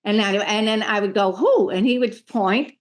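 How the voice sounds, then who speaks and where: A middle-aged woman, a medium, telling lively stories in a podcast interview and acting out the voices of the people in them. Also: mid-range voice, normal speed. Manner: animated, acts out voices in her stories. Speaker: medium and spiritual healer, guest.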